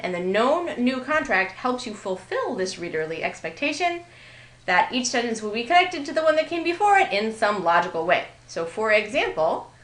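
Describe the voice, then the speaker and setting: Writing teacher, woman, mid-pitched voice, recorded grammar lecture, echoey room. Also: a bit bright. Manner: explanatory, lightly amused, reads examples aloud. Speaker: writing instructor. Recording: roomy echo.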